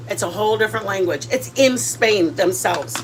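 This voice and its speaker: A woman's voice: medium pitch, moderate pace, slight background noise. A woman hosting a home cooking vlog, chatting casually in a rambling way with lots of fillers and restarts and dropping in Spanish words. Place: home kitchen.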